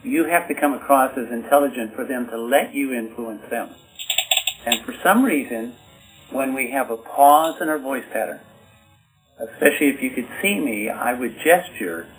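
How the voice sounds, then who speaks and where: A man's voice: mid-range voice, normal speed, soft background music, rough recording. A man being interviewed as an author, explaining his ideas in an instructive way and showing points by example. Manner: instructive, talks in bottom lines, demonstrates by example. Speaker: author and communication expert guest.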